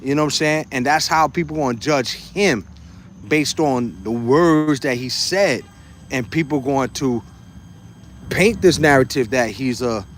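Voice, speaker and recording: A man's voice: medium pitch, unhurried, a little hiss or hum. A man chatting casually on a livestream, reading viewer comments, laughing often and repeating phrases as he talks. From United States. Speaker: livestream host.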